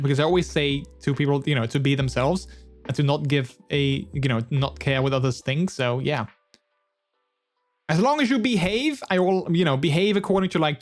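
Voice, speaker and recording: A young man chatting casually with his stream viewers in a rambling, playful way, laughing easily and filling pauses. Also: on the high side. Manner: rambling, playful, quick to laugh, many fillers. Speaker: live streamer.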